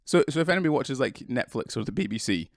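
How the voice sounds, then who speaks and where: A man's voice: mid-range voice, expressive, quick pace, vocal fry, dry recording, studio quality. A man with a British accent, a guest on a casual podcast, who has a cold and talks hesitantly with many restarts. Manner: hesitant, restarts often, self-deprecating. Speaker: interview guest, videographer.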